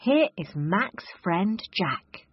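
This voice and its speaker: A woman's voice: medium pitch, big pitch swings, extremely slow, husky, no room sound, lo-fi sound. A woman reading a children's picture book aloud in a sing-song, exaggerated storybook manner.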